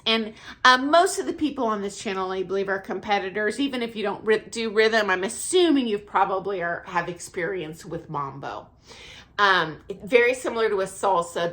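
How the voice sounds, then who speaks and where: A middle-aged woman, a dance teacher, explaining music counts in a casual, friendly way, with a high, light voice and frequent laughs. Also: fairly bright tone. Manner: counts beats aloud, self-deprecating, laughs often. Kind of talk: casual instructional talk. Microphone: camera mic, filming herself.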